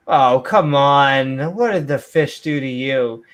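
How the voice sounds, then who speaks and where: A man's voice: medium pitch, slow, a bit bright. A man hosting a comedy show, reading old scripture aloud in a mock-grand voice and mocking it. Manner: sarcastic, reads archaic verses in a mock-grand voice. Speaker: host.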